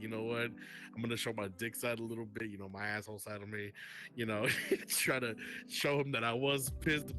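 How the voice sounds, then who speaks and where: A congested man co-hosting a casual podcast over virtual-reality voice chat, telling stories with lots of swearing and laughter. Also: medium pitch. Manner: swearing, storytelling, laughs often. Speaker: podcast co-host.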